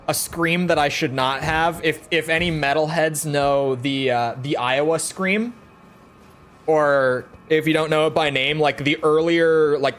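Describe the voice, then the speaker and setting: Young man, twenties, rambling gaming streamer, speaks from his throat; a touch high-pitched. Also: fairly bright tone. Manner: talks from the throat to project, chatty and rambling. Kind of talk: casual gaming stream chat.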